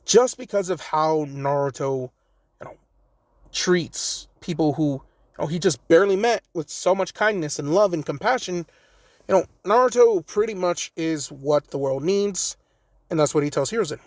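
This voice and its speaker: A man casually narrating a fan-made story, rambling along with frequent fillers. His voice sits a little high for a man. The recording is dry and close on the mic. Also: normal speed, dry recording. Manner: rambling, many "you know" fillers.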